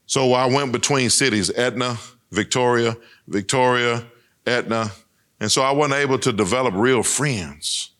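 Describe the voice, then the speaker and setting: A man's voice: unhurried, a bit bright. Emphatic man telling his life story. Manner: storytelling, emphatic, swings between high emphatic and low lines. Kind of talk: personal testimony speech.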